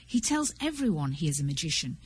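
Woman doing a hushed anxious villager man, storybook reading, breathy near-whisper. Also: sits low, very animated, brisk, voice pushed down, heavily acted, low-quality recording.

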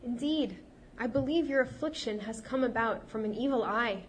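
A woman's voice: a little high, normal speed, a little hiss or hum, lightly acted. A woman voicing a cunning healer who speaks with sweet, soothing, feigned sympathy. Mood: confiding.

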